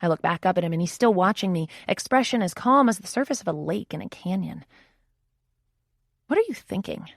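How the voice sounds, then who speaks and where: A woman's voice: lowish voice, lively intonation, quick pace, creaky, hardly any pauses, no echo. A woman reading a first-person audiobook in a wry, intimate inner-monologue manner, close to the mic. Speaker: audiobook narrator.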